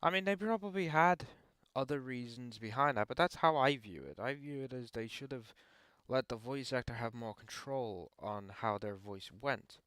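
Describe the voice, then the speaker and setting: A young man hosting his own channel, answering viewer questions in casual opinion talk, pausing often with ums and restarting his sentences. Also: mid-range voice, fairly bright tone, clean tone, no echo. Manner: hesitant, frequent ums and restarts.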